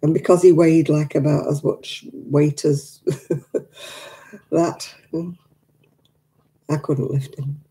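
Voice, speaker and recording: A woman's voice: sits low, steady tone, takes it slowly, pauses often, mellow, low-quality recording. A woman hosting a craft livestream, chatting casually and answering viewer comments, emotional as she talks about her late dog. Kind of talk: casual chat with live viewers.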